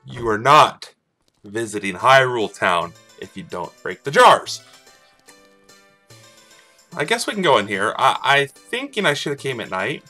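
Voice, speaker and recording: A man's voice: mid-range voice, very animated, unhurried, pauses often, pushed and bright. A man casually commenting on his gameplay, playful and jokey, talking back to the game's characters. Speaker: let's play host. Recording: faint game music behind.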